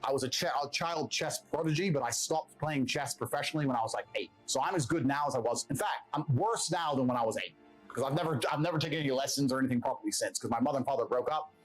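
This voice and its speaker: A man's voice: medium pitch, fast talker, soft background music, rough recording. A man who grew up in England delivers a blunt, profane, self-assured motivational monologue as a podcast guest.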